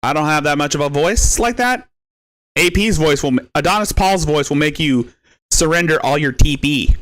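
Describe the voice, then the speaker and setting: A man hosting a live stream in a mocking rant, his pitch leaping up and down as he taunts. He swears constantly and hammers the same insults again and again. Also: animated, normal speed, fairly bright tone. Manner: profane, taunting, repetitive. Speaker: stream host.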